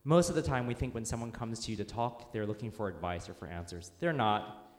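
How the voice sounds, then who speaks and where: A male pastor gives a relaxed, conversational sermon, telling stories with plenty of fillers and restarts. His voice sits fairly low. The sound carries the long, roomy reverb of a church hall. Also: fairly quick. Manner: informal, storytelling with fillers and restarts. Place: church sanctuary.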